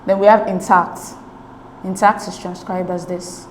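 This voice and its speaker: A woman tutor with a fairly low voice talks through exam answers patiently, one step at a time. The room around her is echoey, and a faint hiss sits under her speech. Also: little pitch movement, measured pace. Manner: patient, step-by-step, checks with "okay?".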